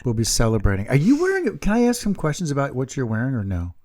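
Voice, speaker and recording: A man's voice: mid-range voice, wildly swooping pitch, fast talker, a little mellow. Playful man in his fifties. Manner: playful, teasing, breaks into silly voices and laughs. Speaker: podcast co-host. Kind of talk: casual chat.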